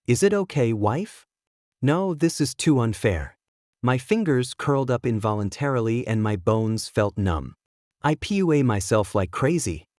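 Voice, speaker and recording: A man reads a first-person romance story aloud in a steady, scripted narration. His voice sits in an ordinary middle register. The recording is dry and close, with no room sound. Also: medium pitch, dry recording.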